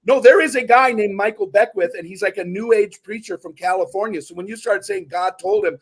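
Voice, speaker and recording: A man who is a guest on a talk podcast, a speaker and author, telling stories in animated, casual conversation. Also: high voice, fairly quick, breathy edge. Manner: animated storyteller, breaks words down.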